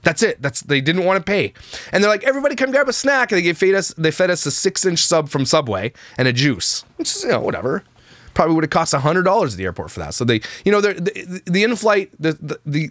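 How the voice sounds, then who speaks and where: A young man rattles off a frustrating story at a rapid clip, exasperated and restarting his sentences as he goes. His voice sits a bit higher than most men's and sounds close and dry, with no room around it. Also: very animated, fairly bright tone, no room sound. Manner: fast, exasperated, swings up for quoted voices. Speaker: vlogger telling a story. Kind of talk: casual storytelling rant.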